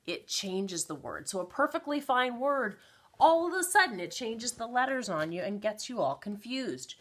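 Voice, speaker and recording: A woman teaching a phonics lesson to young children, sounding out words slowly and chatting playfully between them. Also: medium pitch, noisy background. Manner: slow, drawn-out sounding of words. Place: home, at a small easel.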